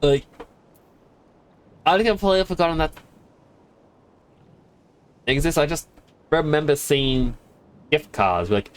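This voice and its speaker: A man's voice: on the high side, slow, pauses often. Rambling, self-amused male streamer. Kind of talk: casual chat while gaming.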